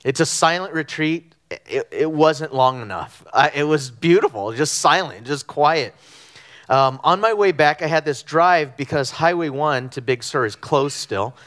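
A middle-aged man from Southern California preaching a conversational sermon, telling animated stories with frequent ums and restarts. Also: on the high side, measured pace. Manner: animated storytelling with frequent fillers. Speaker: pastor. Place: church sanctuary.

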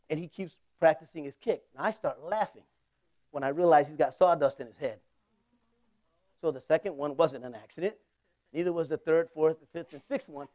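A pastor in his forties with a fairly high voice preaches in a loose, joking way. He laughs easily as he tells his story, jumps to loud bursts, then drops to quiet asides. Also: dry recording. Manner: conversational and humorous, often laughing. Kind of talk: storytelling sermon.

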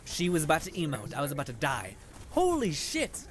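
A young man with a slightly high voice and huge pitch swings talks fairly quickly. Hosting a gaming channel, he delivers casual, sarcastic, frustrated commentary, swearing often and laughing at his own losses.

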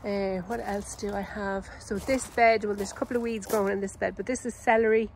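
A woman's voice: medium pitch, steady tone, slight background noise, poor audio. Chatty Irish woman touring her garden. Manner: chatty and unhurried, with frequent ums and self-corrections. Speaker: home gardener and channel host. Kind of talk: casual garden walkthrough. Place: outdoors in a vegetable garden.

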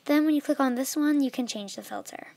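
A woman's voice: high-pitched, quick pace, vocal fry, no room sound. Chatty young woman, dry close sound. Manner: chatty, filler-heavy, trails off softly. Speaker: video tutorial maker. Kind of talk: casual screen tutorial.

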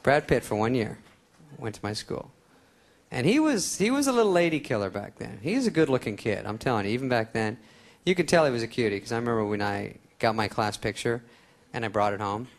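In a live recording from a theater show, a man does stand-up comedy full of sarcasm and self-mockery before an audience. He speaks briskly and expressively at medium pitch, with laughter from the crowd in the background.

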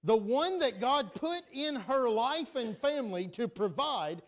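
A high-voiced male pastor preaches from the pulpit of a church. He swings from loud, stressed lines to quiet, confiding asides. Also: expressive, measured pace. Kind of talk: preaching a sermon. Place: church sanctuary.

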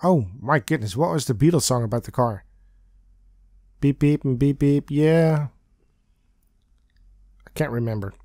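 Slow, chatty let's play man. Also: mid-range voice, mellow, dry recording, clean studio sound. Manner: chatty, giggly, hums and sings snippets. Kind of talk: game commentary and text reading.

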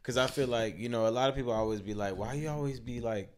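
A man co-hosting a podcast in casual chat, talking low and often trailing into a mumble. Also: fast talker, slight background noise. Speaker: podcast co-host.

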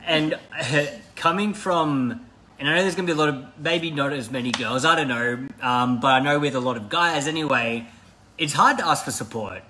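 A reflective man with a bright, mid-pitched voice speaks hesitantly. He sits some distance from the mic, with a faint hum of ambience behind him. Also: moderate pace.

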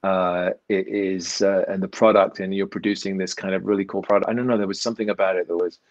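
A man with a lowish, gravelly voice tells rambling, self-deprecating stories as an interview guest, often restarting his sentences. He comes through a video call. The sound is dry and dull, like lo-fi call audio. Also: flat delivery, fast, dry recording. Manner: rambling, self-mocking, many restarts and fillers. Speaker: guest, actor and magician. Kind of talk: casual interview storytelling.

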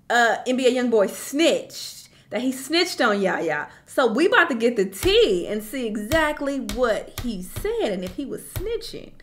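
Bright, blunt woman reacting to clips. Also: on the high side. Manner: animated, blunt, laughing asides. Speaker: reaction video host. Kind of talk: casual reaction commentary.

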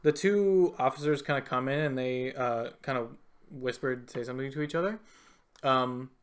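A game master narrating a tabletop game, talking haltingly with many fillers and restarts. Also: medium pitch.

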